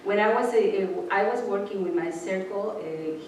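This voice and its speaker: A woman's voice: mid-range voice, normal speed, darkish tone, a little hiss or hum. Woman preaching informally, acts out voices w laughs, echoey room from far off. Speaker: spiritual speaker. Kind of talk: informal sermon storytelling.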